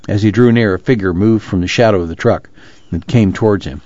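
A man narrating an audiobook in a measured, even reading. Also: on the low side, dry recording, muffled recording.

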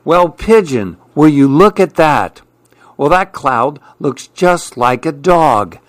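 A man voicing a gentle, curious and dreamy male mouse in a storybook reading, in a wondering, easygoing way. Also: fairly high pitch, animated, slow pace, no room sound. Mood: delighted.

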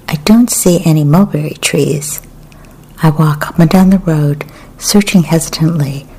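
A woman reading poetry and memoir aloud in a soft, often half-whispered, measured way. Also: low-pitched, breathy edge. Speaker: literary reader.

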